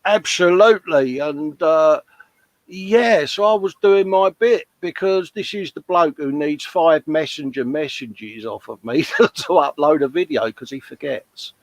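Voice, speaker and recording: A man with a higher-pitched voice hosts a live modelling stream from a bench in his hobby workshop, speaking at a measured pace with no echo. He's chatty and matey, trading jokey banter with viewers' comments.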